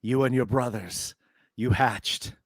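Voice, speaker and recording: Narrating a tabletop game as its game master, a man with a mid-range voice takes his time, using fillers and laughing often. The studio-quality recording has no room sound.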